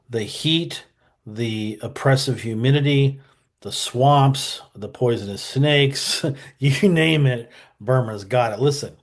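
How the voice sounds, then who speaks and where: A man hosting a history channel who talks through the day's events in a loose, rambling style, joking and trailing off with lots of fillers. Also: mid-range voice. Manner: rambling, jokey, many fillers and restarts. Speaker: history show host. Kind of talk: casual history commentary.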